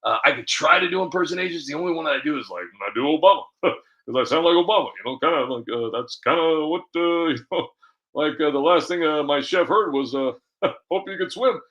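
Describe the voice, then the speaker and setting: A man's voice: fairly high pitch, quick pace, bright, forceful tone, lo-fi sound. A man, a video creator, rambling casually to the camera with many restarts and fillers, often laughing at himself.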